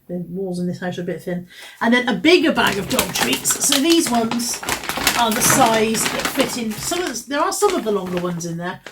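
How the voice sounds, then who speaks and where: A woman's voice: mid-range voice, distant mic. A woman chatting casually at home as a vlogger, rambling and poking fun at herself. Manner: chatty, self-mocking, rambling. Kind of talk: casual haul chat. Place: home, indoors.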